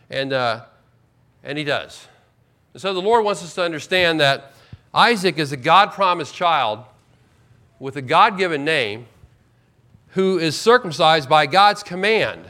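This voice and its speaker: A man preaching a sermon as pastor, emphatic, slowing right down to stress key words. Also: on the high side, lively intonation, pushed and bright. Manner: emphatic, with slow drawn-out stresses.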